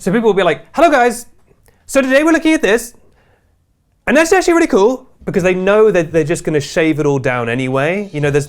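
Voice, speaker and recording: A man with an English accent hosting a comedic video essay, wry and jokey. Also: a little high. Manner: wry, jokey, slips into impressions. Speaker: host.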